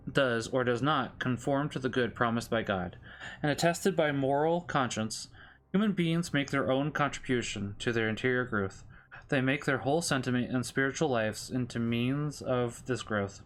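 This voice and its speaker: A man streaming a game, thinking aloud in a relaxed way and reading passages aloud plainly. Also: mid-range voice, moderate pace, a little hiss or hum. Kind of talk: casual gameplay commentary and prayer reading.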